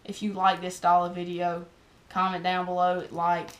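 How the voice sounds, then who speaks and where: A woman with a Southern US accent, a fishing vlogger telling a story to camera in an excited, rambling way, with a heavy use of "like". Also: on the low side, normal speed.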